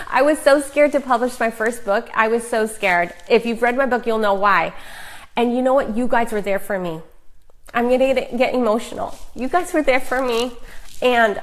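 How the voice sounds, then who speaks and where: A woman's voice: on the high side, low-quality recording. Chatty, upbeat woman giving faith encouragement. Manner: warm, chatty, emphatic, with laughs and fillers. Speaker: author and Christian speaker. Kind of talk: live-streamed encouragement talk to viewers.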